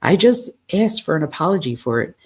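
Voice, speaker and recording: A woman's voice: fairly low pitch, sing-song, a little fast, slightly rough. A woman reading aloud the text messages of a hurt young man who wants an apology, in a lightly raised voice.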